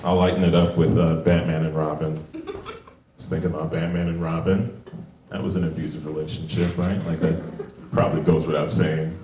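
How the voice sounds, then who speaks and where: Deep-voiced and performing in a Brooklyn comedy club, this forties-aged New York comedian keeps it profane and chatty, tossing in rhetorical asides. The far mic picks up room echo, background noise, and laughter from the live crowd.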